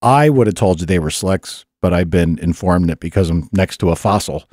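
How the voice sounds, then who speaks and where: A man tells a long story in a relaxed, profane way. His voice sits fairly low and sounds close and dry, with no room around it. He talks like a podcast regular swapping car stories. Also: moderate pace, dry recording. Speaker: podcast host. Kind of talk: casual chat. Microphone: studio mic.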